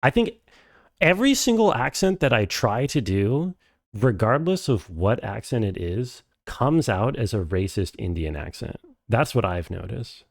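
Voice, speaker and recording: A man streaming a game, chatting casually and reading chat aloud in a rambling, deadpan, self-deprecating way. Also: medium pitch, unhurried, creaky, dry recording, studio quality. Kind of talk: casual live-stream chat while playing.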